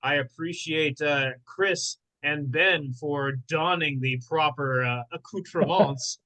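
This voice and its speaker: A man's voice: a little high, takes it slowly, pushed and bright, low-quality recording. A man presiding over a board meeting, hamming it up with theatrical, mock-indignant pirate speech. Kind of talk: playful meeting chair with mock pirate talk.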